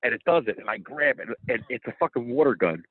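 A man guest telling a profane, animated story in a casual chat. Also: medium pitch, brisk, slightly rough, narrow, tinny audio. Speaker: comedian guest.

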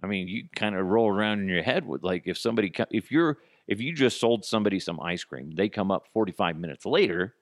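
Fast and animated, with hardly any pauses, a lowish-voiced man tears through a sarcastic, expletive-laden rant on his comedy podcast, occasionally acting out both sides of an argument. It's studio quality with no room sound.

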